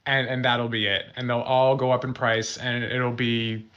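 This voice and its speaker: A man's voice: mid-range voice, little pitch movement, moderate pace, fairly bright tone, muffled recording. A man in a casual podcast chat, confidently laying out his predictions. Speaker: podcast co-host.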